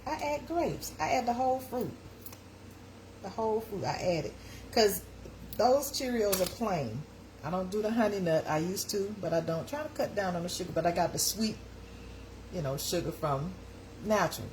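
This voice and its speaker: A woman's voice: medium pitch, lively intonation, moderate pace, darkish tone, a little hiss or hum, low-quality recording. Folksy, chatty woman hosting a live stream. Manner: folksy, chatty, talks straight to viewers. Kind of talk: casual live chat.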